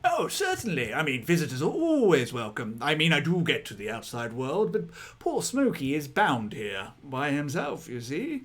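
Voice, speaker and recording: Man doing a high, grand walrus Marquis. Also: wildly swooping pitch, moderate pace, few pauses, a bit bright. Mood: genial. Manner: theatrical, grandiose, delighted. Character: grand pompous male walrus noble in a scarf.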